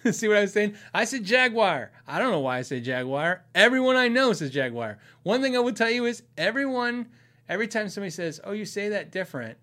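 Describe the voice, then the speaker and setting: High-pitched and sharp, this middle-aged Arizonan answers viewers in casual chat on his guitar channel and podcast. He rambles, laughs a lot, and frequently starts sentences over.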